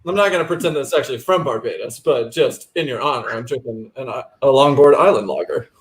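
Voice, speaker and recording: A man's voice: medium pitch, quick pace. A man hosting a podcast, chatting casually and joking with his guests. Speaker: podcast host. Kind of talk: casual chat.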